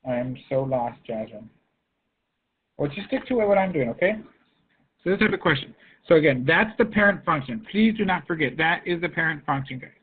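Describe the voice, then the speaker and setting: A male math teacher leads an online lesson, calling on students by name and pressing them to respond. His voice sits a little high and husky. It comes through a tinny, phone-like line from a video call. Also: lively intonation, brisk. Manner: coaxing, calls students by name. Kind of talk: online class lecture.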